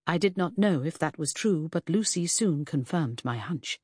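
A woman narrating a period mystery audiobook in an expressive storytelling manner. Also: low-pitched, moderate pace, hardly any pauses, breathy edge, no room sound, studio quality. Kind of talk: scripted narration.

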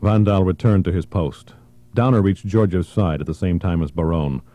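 A man reads a thriller audiobook in a measured, even delivery that stays steady throughout. His low voice sounds very dark and mellow, with no echo in the recording.

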